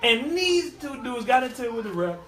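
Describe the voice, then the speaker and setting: Brief: a high-pitched New man with a lively, folksy preaching style, recorded from a distance in an echoey room. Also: a little fast. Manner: animated, folksy, with vernacular asides and repeats. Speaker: speaker at a youth life-skills session. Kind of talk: motivational talk with preaching flavor.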